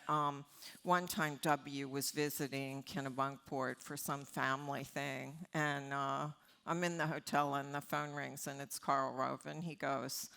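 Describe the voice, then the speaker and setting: Bright-voiced older woman telling stories. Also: a bass voice, vocal fry. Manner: animated, laughing storyteller. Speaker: interview guest, columnist. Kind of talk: anecdotal storytelling on stage.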